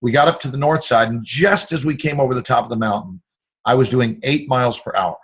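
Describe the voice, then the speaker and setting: Husky man, expansive storyteller. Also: mid-range voice, fairly quick. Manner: expansive, animated, acts out quoted voices. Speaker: guest actor. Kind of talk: motivational storytelling.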